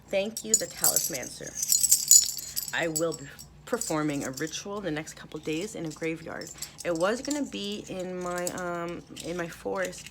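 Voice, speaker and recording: A woman hosting her own vlog, talking casually and excitedly, rambling with lots of fillers. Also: low voice, background noise. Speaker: channel host. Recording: clicks and jangling in the background.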